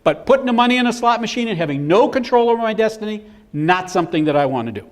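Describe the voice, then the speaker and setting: Animated man telling business stories. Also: high voice, quick pace. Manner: animated storyteller acting out quotes. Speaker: business speaker. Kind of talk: live seminar presentation.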